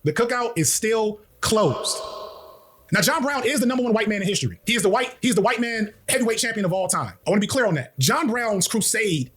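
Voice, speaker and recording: Fast husky man giving animated commentary. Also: high voice. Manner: animated, slangy, ranks and jokes. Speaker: video commentator. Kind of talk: fast opinionated video commentary.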